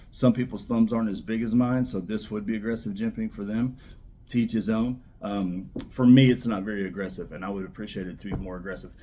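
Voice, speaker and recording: Man, lowish voice, casual knife-review host, excited and repetitive, faint hiss behind. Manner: enthusiastic, repeats himself, trails off softly.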